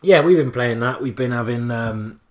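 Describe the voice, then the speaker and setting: A man with a West Country English accent talks at a middle pitch, telling long, rambling stories full of restarts. He co-hosts a casual gaming podcast, and his voice rings a little in an echoey room. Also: moderate pace. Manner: rambling, animated storytelling with many restarts. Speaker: podcast co-host. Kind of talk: casual chat.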